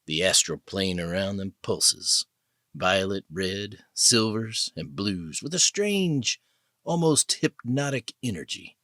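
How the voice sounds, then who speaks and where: A man narrates an audiobook in a measured, descriptive way. His voice is very low yet moves expressively, with a bright, forceful edge. The recording is dry and close. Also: expressive, no echo.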